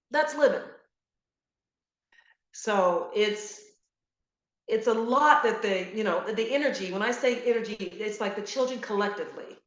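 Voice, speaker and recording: Earnest woman speaker in an echoey room. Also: medium pitch. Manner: earnest and animated, repeats key phrases with laughs. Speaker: guest speaker on grief support. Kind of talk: motivational talk to grieving parents.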